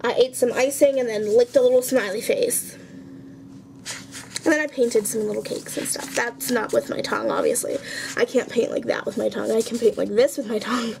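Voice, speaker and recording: A woman's voice: fairly high pitch, steady tone, brisk, vocal fry, background noise. A young woman chatting casually, rambling and poking fun at herself as she shows off her art journal at home. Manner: chatty, rambling, self-mocking. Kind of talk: casual show-and-tell vlog.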